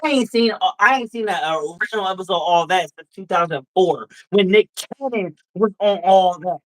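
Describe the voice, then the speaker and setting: A drunk man hosting a casual stream, reading viewer comments and arguing loudly, profane and repetitive. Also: high-pitched, a little fast, low-quality recording. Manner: loud, profane, argumentative, repetitive. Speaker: livestream host.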